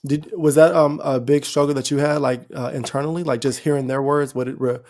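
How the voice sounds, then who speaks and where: A male podcast host in a relaxed conversation, reflective and earnest, often filling his thoughts with "you know." His voice has a strongly gravelly, fry-laden edge at a mid pitch. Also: brisk. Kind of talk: conversational interview.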